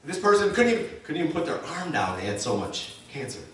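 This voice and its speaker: A pastor delivers an emphatic sermon, urging the congregation to repeat after him, captured from far away in an echoey church sanctuary. His voice is fairly high with wide swings in pitch, and he talks fast over a faint hiss or hum.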